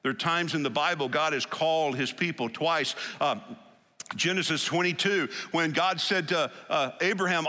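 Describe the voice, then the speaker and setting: A man preaching a sermon in a church, telling Bible stories in an animated way and acting out the quotes. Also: fairly high pitch, moderate pace, in a large hall. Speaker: pastor.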